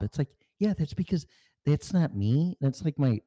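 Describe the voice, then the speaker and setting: The podcast host here is a man with a slightly high, warm voice and lively intonation, speaking at a moderate pace. His casual conversation is blunt and full of swearing and frequent laughter, captured on a home studio mic via a small mixer.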